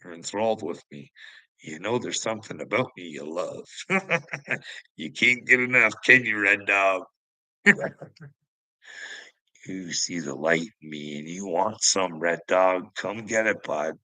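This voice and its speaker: Canadian guy streaming, slow mocking talk, keeps laughing at his chat, dry close sound. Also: low voice, lively intonation, sharp tone, dry recording, low-quality recording. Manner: taunting, laughs often between phrases; addresses chatters by name, mocking. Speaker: livestreamer. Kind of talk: casual livestream chat with viewers.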